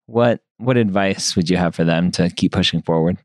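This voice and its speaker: A man's voice: deep voice, moderate pace, hardly any pauses, a little mellow, dry recording. A man hosting a podcast interview, asking questions in a friendly, casual way with short acknowledgments. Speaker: podcast host. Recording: dry close sound.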